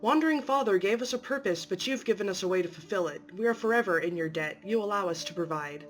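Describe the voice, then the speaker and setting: A woman's voice: medium pitch, animated, fast talker, faint music behind, lightly acted. A woman voicing a grateful, devoted anomalous being who provides for its family, talking effusively and emotionally. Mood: earnest.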